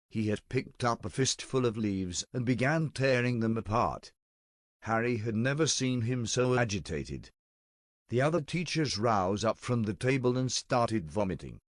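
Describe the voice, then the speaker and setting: A man narrating a storybook-style tale in a steady, deadpan reading voice, close to the mic. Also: mid-range voice, a little slow, no echo.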